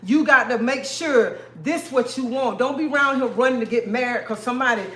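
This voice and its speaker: A woman's voice: fairly high pitch, brisk, pushed and bright. A woman hosting a live stream, talking straight to her viewers in an emphatic, repetitive way and calling them honey and baby. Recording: echoey room.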